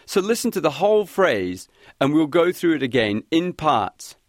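Man, language lesson host, clear, encouraging, animated intonation, dry sound. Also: fairly high pitch, normal speed, no room sound.

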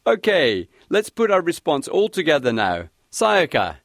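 A man hosting a scripted language lesson, guiding listeners clearly and encouragingly. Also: on the high side, huge pitch swings, unhurried, dry recording, studio quality. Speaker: language teacher host.

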